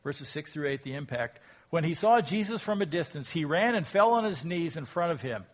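A pastor preaching a sermon, reading scripture aloud and asking reflective, rhetorical questions. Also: male voice, fairly high pitch, expressive, brisk. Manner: reflective, asks rhetorical questions, rises in volume when quoting scripture.

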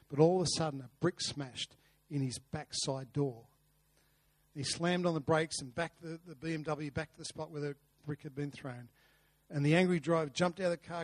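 A man's voice: a little high, steady tone, a little fast, a little mellow, no echo. A man preaching a sermon, earnest, with rhetorical questions and repeated words. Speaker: pastor. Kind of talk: sermon with a told story.

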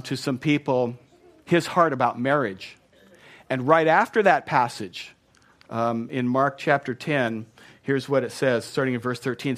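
A man's voice: medium pitch, fairly bright tone. A man in his thirties, a pastor, preaching a sermon in an earnest, emphatic way and often repeating words. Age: 30s.

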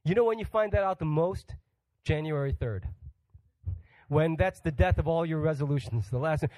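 Higher-voiced joking male preacher. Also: expressive, a little fast, darkish tone, no room sound, rough recording. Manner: humorous, acts out quoted voices; asks the audience questions. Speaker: guest pastor. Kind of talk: sermon.

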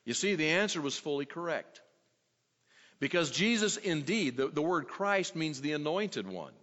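A man's voice: fairly high pitch, very animated, fairly bright tone. Man preaching in an echoing sanctuary. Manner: measured teaching delivery, dramatizing quoted questions. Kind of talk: expository sermon. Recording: dull sound in a reverberant hall.

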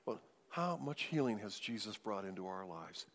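A man preaching a sermon as pastor, emphatic, swinging widely in loudness and pace. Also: lowish voice, sing-song, normal speed. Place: church sanctuary. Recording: long hall reverb.

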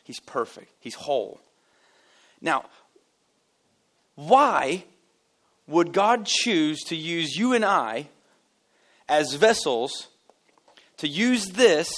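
Joking, animated male pastor preaching. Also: fairly high pitch. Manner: animated, joking, self-deprecating storyteller. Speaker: lead pastor. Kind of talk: casual conversational sermon. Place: church service.

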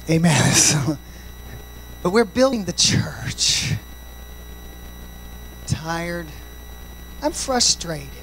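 A male pastor preaching a sermon, swinging from shouted, sing-song passages to quiet, confiding stories and dropping in "amen" and "praise God" often. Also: a little high, gravelly, slight background noise, low-quality recording.

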